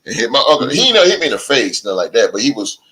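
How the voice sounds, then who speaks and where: A man hosting a podcast, telling stories in a casual chat with animated delivery and big laughs. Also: medium pitch, rough recording. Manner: animated storytelling, drawn-out laughs. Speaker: podcast host.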